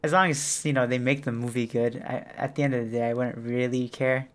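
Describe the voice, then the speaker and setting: A man's voice: medium pitch, fairly even intonation, brisk. Easygoing man chatting casually. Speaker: podcast co-host. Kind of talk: casual chat.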